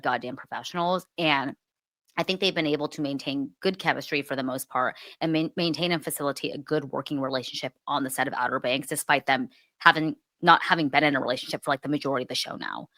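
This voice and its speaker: A young woman with a low-pitched voice co-hosts a gossip podcast, animated and quick to swear. Her voice is recorded close and dry, with no room sound. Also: no room sound. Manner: animated, swears freely, breaks into laughs. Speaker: podcast co-host. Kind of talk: casual gossip chat.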